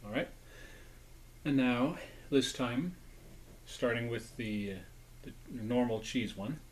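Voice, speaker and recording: A man's voice: medium pitch, slow, slight background noise, low-quality recording. Rambling casual man reviewing snacks. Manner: rambling, chatty, talks with mouth full. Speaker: food review vlogger. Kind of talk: casual food review vlog.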